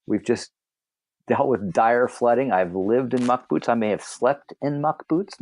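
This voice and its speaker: A man's voice: mid-range voice, measured pace, darkish tone, no echo. A man co-hosting a casual podcast, joking around and laughing often with his friends. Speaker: podcast co-host. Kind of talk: casual banter among friends.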